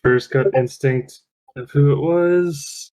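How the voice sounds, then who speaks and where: A man's voice: medium pitch, slow, mellow, rough recording. A man playing a tabletop role-playing game, talking casually, thinking aloud and swearing when things go wrong.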